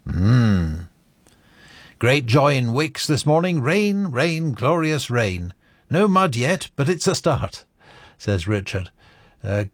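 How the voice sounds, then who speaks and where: A man's voice: medium pitch, breathy edge, no echo. A man presenting a radio show, reading out listener messages with dry, wry teasing asides.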